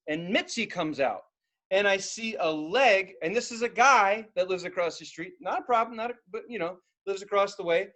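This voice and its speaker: A young man co-hosting a podcast, telling an animated story in casual chat and bursting into loud acted-out outbursts. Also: sits high. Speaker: podcast co-host.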